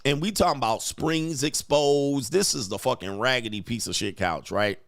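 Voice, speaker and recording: Profane, animated male livestream host. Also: medium pitch, moderate pace, gravelly, hardly any pauses. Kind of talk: casual livestream commentary reading chat. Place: home studio.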